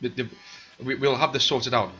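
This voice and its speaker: A man's voice: mid-range voice, fairly even intonation, normal speed, lo-fi sound, background noise, pitched above the performer's own voice, lightly acted. A man voicing a flustered, apologetic female assassin posing as a servant.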